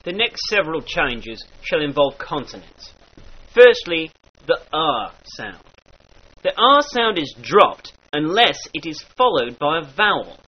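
A man teaching the sounds of an old-style dialect, with slow demonstrations and mock-archaic phrasing. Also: on the high side, very animated, breathy edge. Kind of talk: instructional lesson with example phrases. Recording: dull lo-fi recording.

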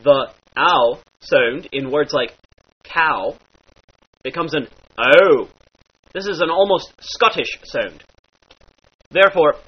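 A man teaching vowel changes in a playful mock-archaic manner, calmly spelling out each sound. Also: a little high, takes it slowly, pauses often, husky, lo-fi sound. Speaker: accent teacher. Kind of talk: instructional voice lesson.

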